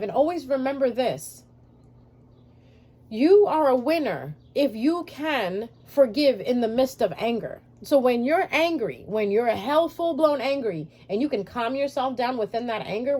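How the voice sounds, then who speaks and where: A woman with a somewhat high, husky voice gives spiritual advice in a vlog. She speaks straight to her viewers, emphatic and repetitive, and hammers her points home. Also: warm tone. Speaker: spiritual YouTuber.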